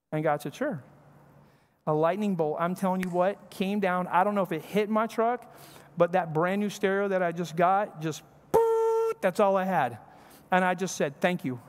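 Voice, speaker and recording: A man's voice: sits high, moderate pace. A male pastor preaching a sermon, talking in a conversational way and acting out short bits of family dialogue. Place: church sanctuary. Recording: church hall reverb.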